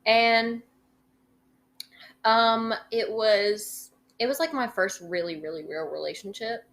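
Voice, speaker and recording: A woman's voice: fairly high pitch, takes it slowly, fairly bright tone. A young woman co-hosting a podcast, telling a story in casual chat, rambling with many fillers and freely swearing. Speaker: podcast co-host.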